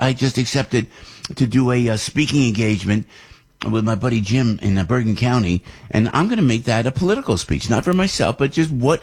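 A man hosting a political talk show, rambling and repeating himself in an animated way. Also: mid-range voice, husky. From New Jersey.

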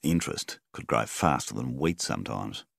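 A man narrating a story in a measured, steady reading style. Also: very deep voice, vocal fry, no room sound, studio quality. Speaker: audiobook narrator. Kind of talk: scripted narration.

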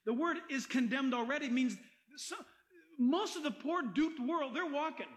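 High-voiced, emphatic male pastor preaching. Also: moderate pace, low-quality recording. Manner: animated, emphatic preaching with Bible readings and rhetorical questions. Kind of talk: sermon.

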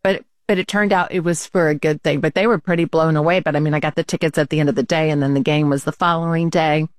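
A woman co-hosting a casual talk show, telling a story with animated quotes and laughs. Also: low-pitched, fast talker, dry recording, studio quality.

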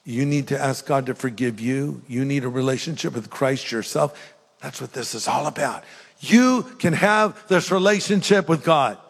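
A man's voice: mid-range voice, moderate pace, vocal fry, husky. An older man preaching an earnest sermon as pastor, rising to fervent emphasis. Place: large church hall. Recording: long hall reverb.

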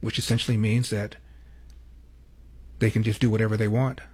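Male commentator, husky, dry sarcastic delivery, mid pitch. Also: level tone, normal speed, darkish tone. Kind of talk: political commentary.

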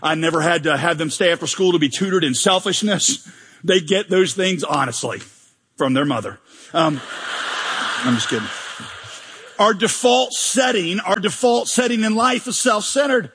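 A man preaching a sermon as pastor, animated and joking, often acting out mock prayers in a large church hall. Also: high voice, normal speed, slightly rough. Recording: long hall reverb.

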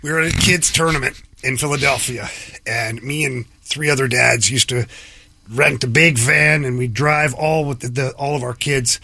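A man's voice: mid-range voice, normal speed, vocal fry, no echo. A middle-aged man and youth team coach telling jokey stories in casual chat, acting out the people in them. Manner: jokey, animated storyteller acting out other people. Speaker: youth sports head coach.

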